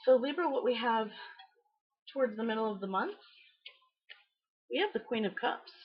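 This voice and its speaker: A woman's voice: a little high, lively intonation, moderate pace, husky. A middle-aged woman giving a casual, rambling tarot reading, full of fillers and small laughs. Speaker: tarot reader. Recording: slightly dull lo-fi audio.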